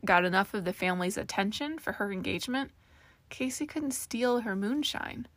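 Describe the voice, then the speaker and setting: A woman narrating a fantasy story aloud in a steady storytelling manner, giving each character a voice. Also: medium pitch, creaky, no room sound. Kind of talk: audiobook narration.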